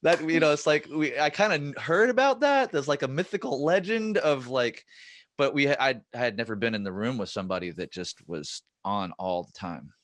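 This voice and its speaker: A man's voice: mid-range voice, lively intonation, moderate pace, a bit bright, dry recording. A man hosting a podcast, chatting and telling stories animatedly with plenty of fillers. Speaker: podcast host. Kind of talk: casual podcast interview.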